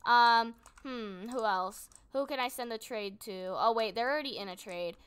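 A woman's voice: a little high, moderate pace, fairly bright tone, clear, resonant tone. A young woman casually commenting on her gameplay, chatty and giggly, thinking aloud as she goes. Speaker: gaming channel host.

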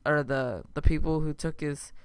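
A man hosting a gaming channel, rambling through casual let's-play commentary with sudden loud outbursts. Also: fairly high pitch, fairly even intonation, normal speed, clean tone.

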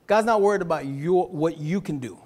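A man pastor preaching a Sunday sermon in a church, talking in a loose, slangy way, sometimes shouting and sometimes dropping to a hush. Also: on the high side, a little fast. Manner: conversational preaching with slangy asides and laughs; swings from shouting to hushed.

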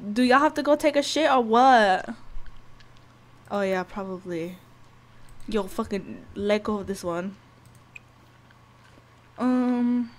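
A young woman giving casual, profane, excitable commentary over a life-sim game, scolding the characters as she plays. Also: medium pitch. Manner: profane, excitable, talks to the sims. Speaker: gameplay commentator. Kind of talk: casual let's-play commentary.

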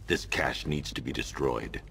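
A man's voice: unhurried, background noise, full character voice. An actor voicing a grim male masked vigilante in a video game, speaking in terse, commanding lines. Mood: stern. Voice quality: very deep, gravelly.

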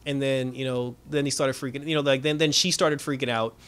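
A man's voice: medium pitch, steady tone, a little fast, a bit bright, clear, resonant tone. A man giving a casual, rambling recap of a TV episode, full of filler words, swearing and frequent laughs. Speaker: TV reviewer.

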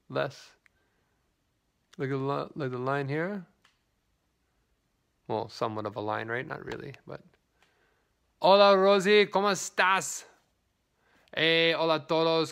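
A man's voice: fairly high pitch, pushed and bright, clear, resonant tone. A man chatting through a live product demonstration, greeting viewers by name and switching into broken Spanish, filmed on a phone at home. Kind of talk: casual live product demo.

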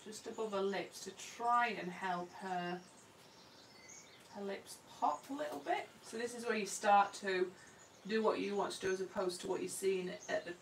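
A woman artist talks through a live painting session in a homely, self-deprecating way, murmuring asides as she works. Her voice has a gravelly fry to it. The sound is roomy and a little distant from the microphone. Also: mid-range voice, normal speed, slight background noise. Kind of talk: live painting demonstration, chatty commentary. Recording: roomy sound from away from the mic.

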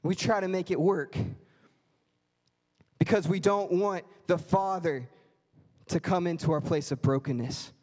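A man's voice: high voice, measured pace, pauses often, a little mellow. A man preaching a sermon as a pastor, telling a story and acting out voices in quotes. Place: church sanctuary. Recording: reverberant church hall.

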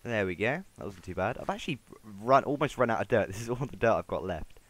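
A man's voice: on the low side, lively intonation, fast talker, a bit bright. A man giving casual, rambling gameplay commentary, talking to himself as he plays. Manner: rambling, talks to himself while playing. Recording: game music playing underneath.

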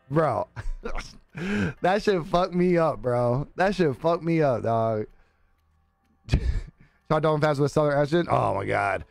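Animated man telling a story, laughing. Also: a little high, slow, gravelly, long pauses, dry recording, soft background music. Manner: animated, says "bro" a lot, laughs often, acts out quoted voices. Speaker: live streamer. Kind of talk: casual storytelling to stream chat.

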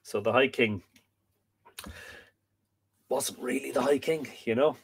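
This Irish livestream host has a mid-range, husky, creaky voice and reads slowly from an old history book. Tired and yawning, he fumbles hard names and breaks off to joke casually with arriving viewers.

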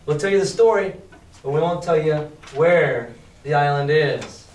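A man's voice: a little high, moderate pace, a little hiss or hum. A man teaching a class who reads a novel aloud and explains it in casual, chatty words. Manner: chatty, paraphrases the text in casual slang. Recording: roomy classroom, mic far off.

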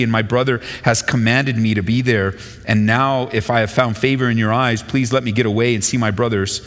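Male pastor, mid-pitched, animated sermon delivery, long hall reverb. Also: fairly quick. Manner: animated, voices quoted speakers with rising pitch. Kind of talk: sermon with scripture reading. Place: church sanctuary.

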